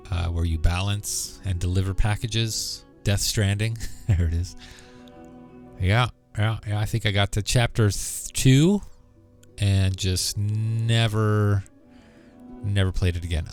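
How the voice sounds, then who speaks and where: A man with a deep voice and a gravelly fry talks loosely to his stream audience as he plays. He wanders through half-finished thoughts full of ums and likes, and he mutters under his breath between them. Soft music plays underneath. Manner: rambling, filler-heavy, muttering asides while playing. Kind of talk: casual gaming livestream chat.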